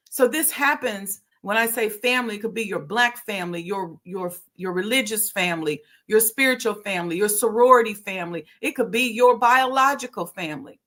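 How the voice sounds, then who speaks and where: A woman's voice: a little high, a bit bright. A middle-aged woman hosting a talk show on history, speaking in a casual, preachy teaching manner with slang and frequent laughs. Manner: conversational, preachy, laughs often, slips into slang. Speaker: historic preservation consultant and channel host.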